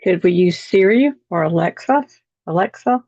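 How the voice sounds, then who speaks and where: A woman's voice: fairly low pitch, lively intonation, moderate pace, mellow, no echo. Woman teacher reading lesson text to a video call class, dull and dry audio. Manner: reads text aloud, repeating words after slips.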